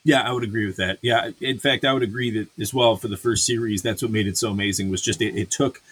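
Ranting husky-voiced man. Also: fairly low pitch, fairly even intonation, fast talker, fairly bright tone. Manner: profane and ranting, many fillers and restarts. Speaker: podcast host reviewing a series. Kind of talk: casual review chat.

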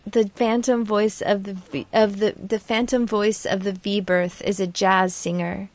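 A woman's voice: mid-range voice, level tone, measured pace, dry recording. A woman reading her own sailing memoir aloud in a dreamy, poetic manner. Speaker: narrator.

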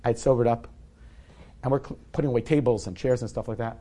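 A man's voice: medium pitch, steady tone, fast, warm tone, slight background noise. A man in his forties telling a personal story to a live audience in a candid, conversational, self-deprecating way. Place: event hall with a live audience.

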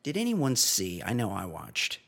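A man's voice: lowish voice, wildly swooping pitch, measured pace, gravelly, a bit bright. A man hosting a casual podcast, joking and reading listener questions in a mock-formal announcer manner. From New Zealand. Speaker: podcast host.

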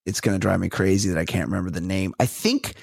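A man's voice: low-pitched, fast talker, gravelly, a little mellow, slightly rough, no echo, studio quality. A man co-hosting a comedy podcast in casual chat, rambling and trailing off as he hunts for names. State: recovering from a finger injury. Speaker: podcast co-host.

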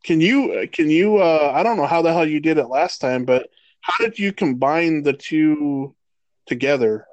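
A man in his thirties co-hosting a casual sports podcast, swearing freely and ranting with animated energy. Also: a little high, unhurried, no room sound, muffled recording. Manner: profane, animated rants. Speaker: podcast co-host.

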